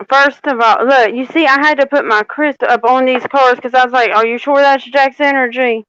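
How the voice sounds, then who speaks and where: A woman's voice: high voice, fairly even intonation, moderate pace, fairly bright tone, smooth, no echo. A woman who is a tarot reader, chatting in a sassy, playful, teasing way during a live reading. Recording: dull, muffled mic.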